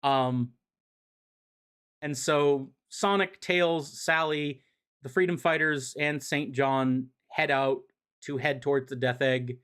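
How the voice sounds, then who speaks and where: A man goes over a comic series on a live stream, taking it slowly in a mid-range, steady voice that is a bit bright, clear and resonant. His streaming-mic recap is casual and rambling, heavy on profanity and filler words.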